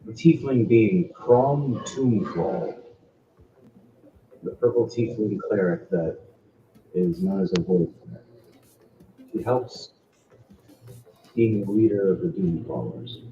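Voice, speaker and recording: A man narrating as game master in halting, conversational phrases. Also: low-pitched, expressive, dark tone, echoey room, a little hiss or hum. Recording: dull lo-fi sound with faint music.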